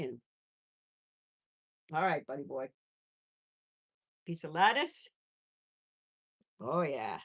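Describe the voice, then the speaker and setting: A woman's voice: deep voice, sing-song, slow pace, pauses often, breathy edge. A woman hosting a casual live stream from home on her phone, chatting with viewers and cooing at her pets. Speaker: pet channel host.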